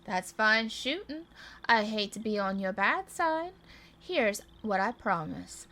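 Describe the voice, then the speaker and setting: A woman's voice: mid-range voice, lively intonation, slow, bright, forceful tone, heavily acted. A woman voicing a sly frontier gunslinger and gambler while reading game dialogue aloud, in plain frontier talk. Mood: easygoing.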